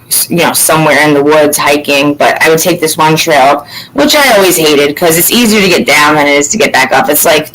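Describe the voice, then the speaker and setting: A woman from Florida in casual chat as host, telling lively stories and swearing freely. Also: deep voice, low-quality recording. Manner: animated storytelling, swears freely.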